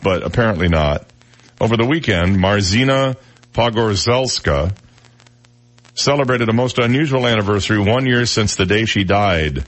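A male radio host with a fairly low voice, talking casually and reading the news. He is chatty and wry, and he slips joking asides into the stories. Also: fairly bright tone.

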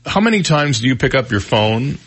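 A middle-aged man hosting a radio talk show, delivering a gruff, opinionated monologue in a casual, conversational way. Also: medium pitch, big pitch swings, brisk, fairly bright tone. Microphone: studio microphone.

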